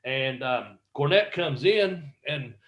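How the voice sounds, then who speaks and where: A man's voice: mid-range voice, expressive, slow, a bit bright, dull audio. A middle-aged man, a former pro wrestler, telling backstage stories in a casual interview, acting out quotes, swearing freely and laughing often.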